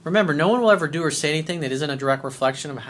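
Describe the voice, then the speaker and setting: A man's voice: a little high, rapid-fire, a bit bright. A man coaching a viewer through a family breakup, talking bluntly and with swearing, often acting out what to say. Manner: blunt and profane, acts out dialogue. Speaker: life coach. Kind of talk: answering a viewer's letter.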